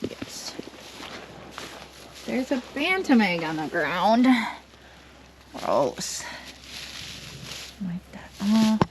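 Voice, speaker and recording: A woman's voice: mid-range voice, very animated, drawn-out words, long pauses. A woman vlogging casually from her farm, cooing and baby-talking to her goats as she walks around. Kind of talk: casual farm vlog chat. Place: outdoors and in a barn with goats. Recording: noisy barnyard recording with goat bleats.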